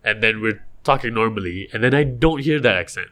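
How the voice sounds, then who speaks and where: A man's voice: fairly low pitch, lively intonation, a little fast, pushed and bright. A man, chatting casually and animatedly as a podcast co-host, often restarting his sentences. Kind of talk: casual chat.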